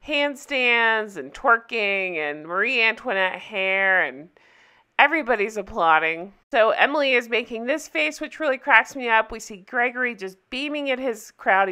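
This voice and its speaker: Woman, chatty recap vlogger, bright clear tone, gushing, talks to viewers. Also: medium pitch. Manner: chatty, gushing, addresses viewers as you guys. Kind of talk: casual show recap.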